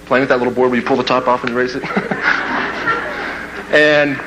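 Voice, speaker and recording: A man's voice: medium pitch, measured pace, background noise. A man telling a funny personal story to an audience as a motivational speaker, acting out the voices in it with lots of energy. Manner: animated, acts out quoted voices and laughs at his own story.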